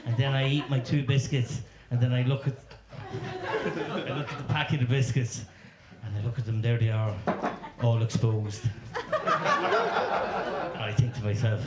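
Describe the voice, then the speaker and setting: A man's voice: medium pitch, very animated, normal speed, pauses often. A man from Ireland doing stand-up, telling a self-mocking story. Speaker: comedian. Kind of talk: stand-up comedy. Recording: roomy, with loud noise.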